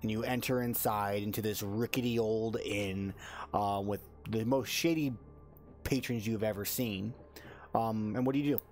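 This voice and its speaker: A man's voice: lowish voice, fairly even intonation, normal speed, soft background music. A man running a tabletop game as dungeon master, narrating loosely with fillers and restarts.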